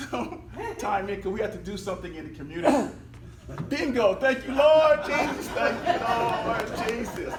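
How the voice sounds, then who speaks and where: A man tells a lively personal story to a meeting, acting out other people's words and laughing along the way. He sounds a little far from the microphone, and the hall adds a roomy echo over a faint murmur of ambience. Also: a little high, a little hiss or hum. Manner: animated, breaks into laughter, acts out quotes. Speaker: speaker at a club meeting. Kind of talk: storytelling talk.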